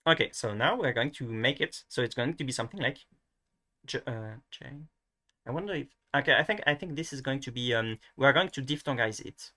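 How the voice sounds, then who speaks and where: A man with a bright, forward voice talks through a casual screen-share lesson. He hesitates often, restarts his sentences and fills the gaps with ums. Now and then he pokes fun at himself. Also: medium pitch, expressive, quick pace, few pauses. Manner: hesitant, many restarts and fillers; self-mocking. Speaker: video tutor.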